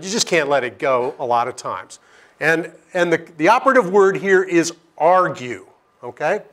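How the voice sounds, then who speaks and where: A middle-aged man from Seattle with a slightly raised speaking pitch gives a relaxed lecture. He tells stories, cracks self-deprecating jokes, and keeps checking in with his listeners with a quick "okay?". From Seattle, United States. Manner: anecdotal, self-deprecating humor, frequent "okay?" asides. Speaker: climate scientist giving a career lecture. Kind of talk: informal lecture with slides. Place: lecture room with audience.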